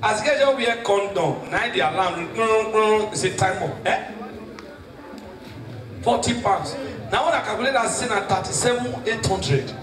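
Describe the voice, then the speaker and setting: A man with a Nigerian accent doing stand-up comedy, telling stories with animated delivery and shouting his punchlines to the crowd. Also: high voice, a little slow, background noise. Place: comedy stage before a live audience. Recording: echoey stage from far off with crowd.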